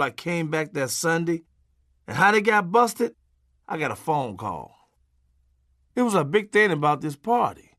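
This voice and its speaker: A man's voice: on the high side, a bit bright, dry recording, studio quality. A middle-aged man narrating his memoir in a punchy, folksy, conversational way with salty language.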